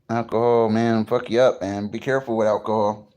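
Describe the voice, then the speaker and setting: A man's voice: lowish voice, level tone, normal speed, darkish tone. Laid-back swearing livestream guy. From New Jersey. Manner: laid-back, swears freely, greets chat viewers. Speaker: livestream host. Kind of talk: casual morning livestream chat.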